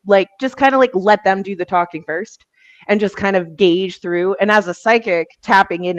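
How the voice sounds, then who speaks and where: A woman's voice: medium pitch, no room sound, lo-fi sound. A young adult woman, a psychic medium, talking casually in an interview, laughing often and filling her talk with "like" and "um".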